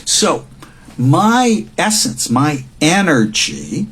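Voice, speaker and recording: A man in his sixties teaching a recorded lecture as a rabbi, emphatic and repeating words for stress, with a husky voice. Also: on the high side, wildly swooping pitch, very slow, fairly bright tone. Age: 60s.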